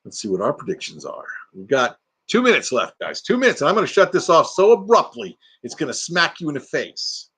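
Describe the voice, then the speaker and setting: An older man hosting a casual livestream, playful and quick to break into impressions. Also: fairly high pitch, huge pitch swings, fairly bright tone, breathy edge. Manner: playful, jumps into silly character voices. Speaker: livestream host. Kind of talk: casual live chat doing impressions.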